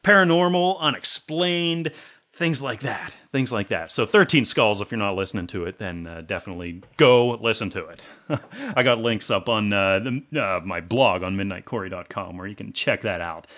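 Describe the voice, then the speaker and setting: A man's voice: on the low side, moderate pace, fairly bright tone. A man hosting a podcast, chatting in a rambling, friendly way and laughing often. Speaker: podcast host. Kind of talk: casual podcast chat.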